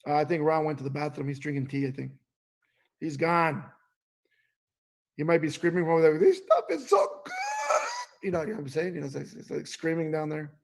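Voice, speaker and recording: High-pitched guy doing a sales training, super animated, acts out all the voices. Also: brisk, pauses often. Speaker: business trainer.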